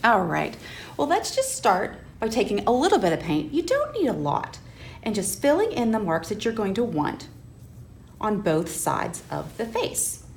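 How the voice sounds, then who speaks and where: Lively woman presenting to kids. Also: medium pitch, moderate pace, vocal fry. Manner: animated, gasps with exaggerated delight. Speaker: children's librarian. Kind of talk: children's storytime presentation. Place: library program room. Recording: roomy echo, distant mic, faint hiss.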